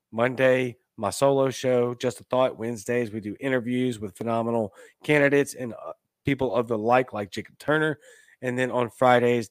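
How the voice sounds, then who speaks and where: Guy rambling on his live show, mid voice, dead dry sound, gets loud then mutters. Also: medium pitch, no room sound. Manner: loose and rambling, with swerves in loudness and pace. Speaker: host. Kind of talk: casual livestream chat.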